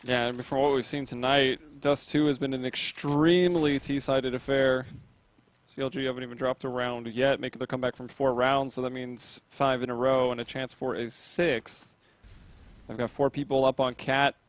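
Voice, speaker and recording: A man casting an esports match from home, his voice at an ordinary middle pitch. His tone is relaxed and conversational, with quick rises when the action heats up. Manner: casual, chatty, calls the action with sudden excited bursts. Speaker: esports caster. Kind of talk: play-by-play game commentary.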